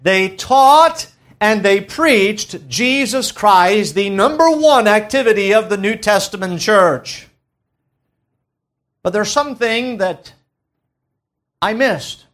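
A man preaching a sermon as pastor of his church, reading scripture aloud and stressing key words by slowing down and dropping his voice low. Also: lively intonation, fairly bright tone. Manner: reads scripture in King James wording.

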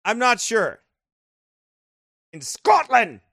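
A man with a strikingly high, bright voice tells casual stories while flipping through his photos. He is animated, laughs often, and the sound is dry and close. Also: extremely slow, no room sound. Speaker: vlogger showing travel photos. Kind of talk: casual storytelling.

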